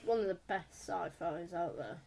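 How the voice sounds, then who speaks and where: A woman co-hosting a podcast, chatting casually and reading out quiz questions in a brisk way. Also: lowish voice, creaky, darkish tone. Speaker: podcast co-host and quiz reader.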